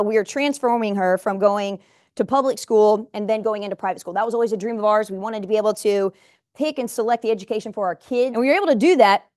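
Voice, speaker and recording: A woman's voice: fairly high pitch, darkish tone, no room sound. A woman in her forties gives a motivational talk in a studio, speaking emphatically and addressing viewers directly.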